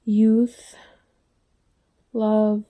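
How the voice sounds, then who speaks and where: A young woman chatting casually to camera in a book vlog at home, drifting into soft whispers. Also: medium pitch, monotone, very slow, phone-quality sound. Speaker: book vlogger.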